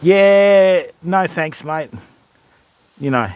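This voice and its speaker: Older Aussie bloke, high-pitched, easygoing live host, outdoors. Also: male voice, extremely slow, clear, resonant tone. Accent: Australian. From Australia. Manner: chatty, greets viewers by name, calls them mate and bud. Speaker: fishing livestream host. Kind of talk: casual live commentary. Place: outdoors on a beach.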